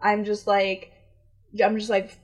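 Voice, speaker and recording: A young woman casually telling a long story on a chat podcast, animated and acting out the people she met. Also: medium pitch, slow pace.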